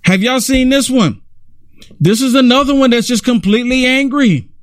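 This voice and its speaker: High-voiced man ranting in a dry room. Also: normal speed, no echo. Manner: ranting, repeats "I mean". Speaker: political commentator. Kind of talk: casual reaction commentary.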